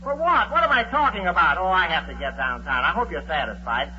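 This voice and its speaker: An actor playing a long-suffering, sardonic husband who also narrates, in a 1940s radio comedy. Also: male voice, medium pitch, a little fast. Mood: exasperated. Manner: dry and sardonic, wisecracking narration. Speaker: narrator and lead. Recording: dull old radio broadcast with loud hiss.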